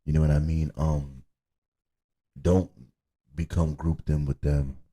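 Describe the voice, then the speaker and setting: A man's voice: rumbling low, flat delivery, slow pace, warm tone, slightly rough. A man from the United States, hosting a podcast in a tipsy, rambling casual chat that drifts into Jamaican patois. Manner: rambling, repeats words, slips into Jamaican patois. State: drunk. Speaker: podcast host.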